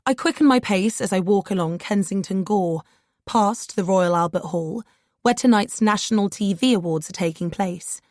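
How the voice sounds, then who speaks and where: A woman narrating an audiobook in the first person, measured and steady. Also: mid-range voice, no echo, studio quality.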